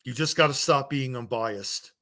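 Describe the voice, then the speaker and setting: A man's voice: medium pitch, moderate pace, bright, forceful tone. Heated man ranting bluntly. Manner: heated, blunt, swearing, scolding the audience. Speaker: wrestling commentary vlogger. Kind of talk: angry rant to camera.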